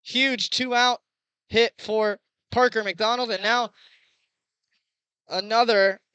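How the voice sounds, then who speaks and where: A young man doing chatty baseball play-by-play commentary, getting excited on big plays. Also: very high-pitched, takes it slowly, clean tone, no room sound, low-quality recording. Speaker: play-by-play announcer.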